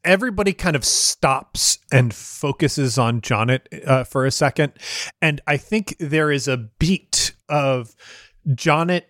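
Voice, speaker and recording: A man's voice: a little high, a little slow, fairly bright tone, dry recording, studio quality. A man narrating a tabletop game as game master, describing scenes in a cinematic way with frequent fillers.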